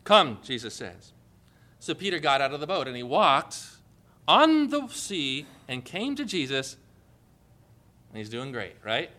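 A man preaching a sermon in church, animated and acting out the quoted lines in changing voices. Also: medium pitch, a little slow, long pauses. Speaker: pastor.

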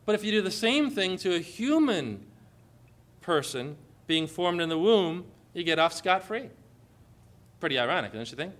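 A man preaching a sermon with passion, building to emphatic, forceful proclamations. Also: sits high, sing-song, normal speed.

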